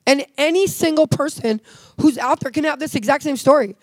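Earnest high-voiced woman giving a testimony. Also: brisk, no room sound. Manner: earnest and heartfelt, many "like" fillers. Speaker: guest sharing a faith testimony. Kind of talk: personal testimony in conversation.

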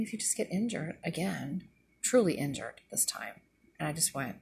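A woman's voice: deep voice, big pitch swings, moderate pace, vocal fry, a little mellow, slight background noise. A middle-aged woman, a former nurse, venting indignantly in a casual monologue and retelling conversations. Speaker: retired nurse vlogger.

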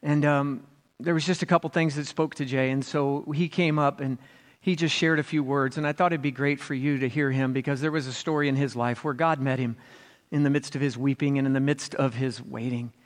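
A man preaching a sermon as pastor, building to an animated, rousing delivery. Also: mid-range voice, brisk. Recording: long church reverb.

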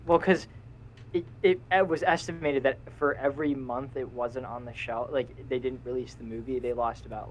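A man's voice: medium pitch, steady tone, moderate pace, slight background noise, rough recording. A young man co-hosting a casual podcast, rambling and cutting himself off, laughing often. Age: young adult. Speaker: podcast co-host. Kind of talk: casual chat.

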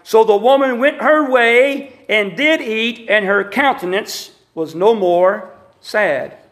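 A man's voice: sits high, slow pace, a bit bright, echoey room. A man preaching a sermon with emphatic repetition and calls to the congregation. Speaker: pastor. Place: church sanctuary.

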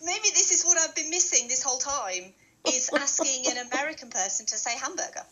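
A woman's voice: sits high, expressive, brisk, over a noisy crowd, poor audio. A woman from England with a London accent, a podcast guest who giggles often and hesitates with fillers. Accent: British, London. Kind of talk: casual podcast chat.

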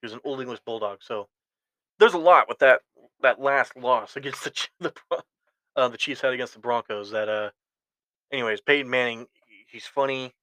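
A man's voice: mid-range voice, normal speed, sharp tone, no room sound, poor audio. A man hosting a solo sports podcast, rambling and correcting himself as he gives opinionated fan takes. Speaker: podcast host.

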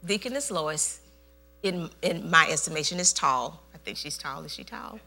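A woman pastor with a low voice preaches a sermon at a normal speed. She tells a story in an animated way, laughing often and repeating phrases emphatically.

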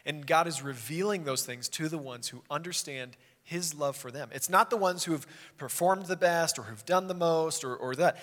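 A young man preaches a sermon in an easy, conversational tone, slipping into quick acted voices as he retells a story. His voice sits a little higher than most men's. It carries a long reverb, as if it fills a large church sanctuary. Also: a bit bright. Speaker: pastor.

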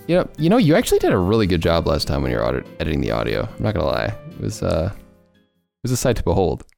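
A man in his twenties hosting a podcast, chatting casually in an animated, joking way with frequent laughs, recorded on a home microphone. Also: low-pitched, quick pace, creaky, soft background music. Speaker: podcast host. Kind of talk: casual chat.

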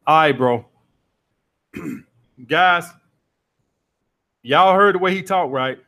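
Man, podcast host, dating coach, blunt, profane, repetitive, high pitched. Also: takes it slowly, pushed and bright. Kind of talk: call-in advice podcast.

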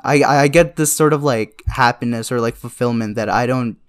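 A man's voice: mid-range voice, fairly quick. A young man co-hosting a podcast, chatting casually at night, rambling, swearing freely and laughing often. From immigrated to Canada young. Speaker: podcast co-host. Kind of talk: casual late-night chat.

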